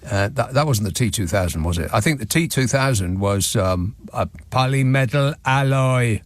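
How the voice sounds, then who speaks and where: A man's voice: on the low side, animated, a little fast, dry recording. A man hosting a radio show, reading out listener messages with dry, sardonic asides from a studio microphone. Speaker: radio talk show host.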